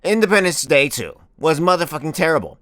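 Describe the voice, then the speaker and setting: A young man rants his way through a comedy bit, swearing at every turn. His voice sits a little high, with a bright, forceful edge, and it swings widely up and down. The sound is close and dry. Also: expressive, fairly quick, no room sound. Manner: profane, exaggerated comedic ranting. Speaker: comedy video host. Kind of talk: profane comedic rant.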